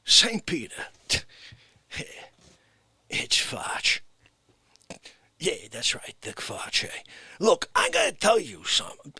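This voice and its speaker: A man putting on a brash wiseguy character talking on the phone, swinging between hushed whispers and loud outbursts. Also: fairly high pitch, huge pitch swings, slow pace, long pauses, slightly rough, no room sound, heavily acted. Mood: swaggering.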